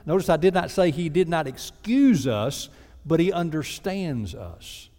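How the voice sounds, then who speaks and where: A man preaching a sermon as a pastor, lively and acting out mock prayers in other voices. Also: fairly high pitch, a little slow. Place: church sanctuary. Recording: reverberant church sanctuary.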